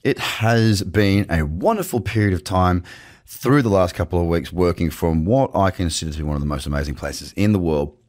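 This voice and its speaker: A man's voice: sits low, normal speed, darkish tone. A man with an Australian accent hosting a casual, chatty market commentary podcast from his office, with playful asides. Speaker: podcast host. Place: home office. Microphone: webcam setup.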